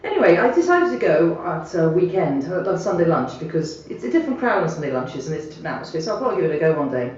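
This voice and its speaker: A woman's voice: fairly low pitch, fast talker, hardly any pauses. Chatty woman recounting an anecdote, muffled and distant in a very echoey room. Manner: chatty, animated, laughing at her own story. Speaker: storyteller sending a voice message. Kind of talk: casual spoken anecdote. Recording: echoey, muffled playback heard from afar.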